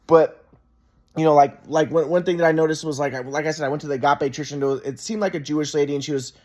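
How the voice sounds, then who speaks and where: A man's voice: a little high, fairly even intonation, fast, a little mellow. A man in a rambling, casual monologue, often restarting and repeating himself, frustrated and swearing.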